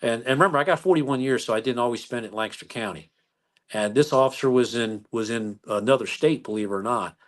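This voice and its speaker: Older american cop chief, tells stories, acts out what people said, normal mid voice. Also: male voice, medium pitch, fast talker. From United States. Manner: animated storyteller who acts out dialogue. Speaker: police chief. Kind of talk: storytelling interview.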